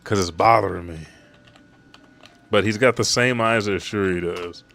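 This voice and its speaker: A man recapping a comic chapter in casual talk, reading the characters' lines aloud with excited jumps in his voice and casual swearing. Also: lowish voice, normal speed, vocal fry, a little hiss or hum. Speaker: manga chapter reviewer.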